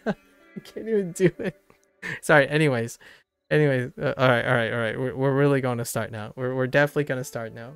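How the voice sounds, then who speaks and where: A man's voice: mid-range voice, a little slow, long pauses, fairly bright tone, clear, resonant tone, faint music behind. A man streaming a casual lesson on Japanese sounds, rambling, correcting himself and laughing often. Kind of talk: casual live-stream explanation.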